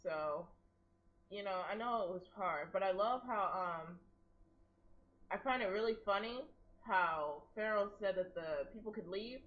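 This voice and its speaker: A young woman chatting casually about a film she loves, acting out the characters as she goes. Her voice sits at a middle pitch. The recording is dull and lo-fi. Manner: animated, acts out characters in quotes. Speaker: co-host discussing a film. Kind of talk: casual chat. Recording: dull lo-fi sound.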